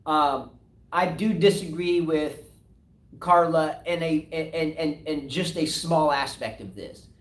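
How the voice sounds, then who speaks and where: A man with a high voice co-hosts a live tennis talk stream. He argues with lively rhetorical questions. His voice sits away from the mic and echoes around the room. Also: slow pace, far from the mic. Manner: animated, argumentative, rhetorical questions. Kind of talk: casual live-stream discussion.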